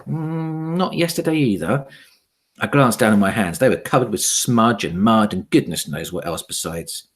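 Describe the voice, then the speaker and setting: A man, a primary school teacher, reading a children's novel aloud with expressive, dramatic storytelling. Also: fairly low pitch, normal speed.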